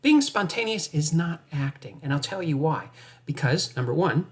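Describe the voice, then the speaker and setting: Upbeat male acting coach, slightly high. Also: moderate pace. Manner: energetic, playful, talks straight to the viewer. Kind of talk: coaching monologue to camera.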